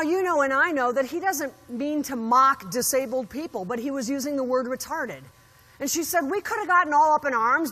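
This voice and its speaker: A woman keynote speaker with a high voice tells stories to a conference audience and acts out the quotes with plenty of animation. Her voice carries through a large hall with a long reverb tail. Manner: animated storyteller acting out quotes. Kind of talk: motivational keynote speech.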